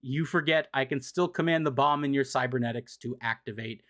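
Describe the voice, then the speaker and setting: A man voicing a cold, commanding female villain queen who speaks with haughty, quick triumph. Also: medium pitch, fairly bright tone, natural voice.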